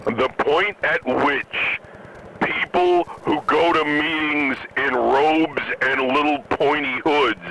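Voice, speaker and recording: A man's voice: medium pitch, pushed and bright, slight background noise, low-quality recording. A man hosting a podcast, delivering an angry, profane rant from a moving vehicle. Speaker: podcast host.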